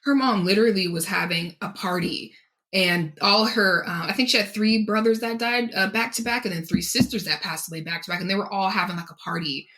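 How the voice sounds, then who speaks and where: Bright-voiced woman psychic, upbeat. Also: mid-range voice, a little fast. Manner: upbeat, laughing storyteller. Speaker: guest psychic. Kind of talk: casual interview storytelling.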